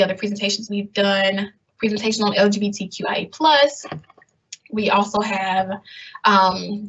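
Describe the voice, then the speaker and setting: A woman's voice: mid-range voice, a bit bright. A woman with a Southern US accent speaking on a webinar panel over a video call, casual and friendly, saying like and y'all. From American South. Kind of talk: webinar discussion. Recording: dull lo-fi call audio.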